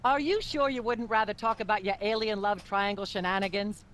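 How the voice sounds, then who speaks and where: A woman's voice: medium pitch, fairly quick, a bit bright, a little hiss or hum, lightly acted. An actress voicing a smarmy female talk-show host in a cartoon adventure game, affected and condescending. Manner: affected, condescending, calls guests dear.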